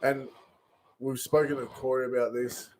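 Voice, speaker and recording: A man hosting a podcast, asking questions in relaxed, teasing banter and swearing freely. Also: mid-range voice, moderate pace, a crowd in the background. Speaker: podcast host. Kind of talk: casual podcast interview.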